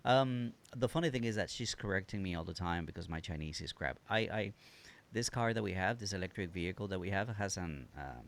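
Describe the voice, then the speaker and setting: Lower-voiced man telling stories with laughs. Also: fairly quick. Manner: animated storyteller, mimics voices and laughs often. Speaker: co-host. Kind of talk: casual chat.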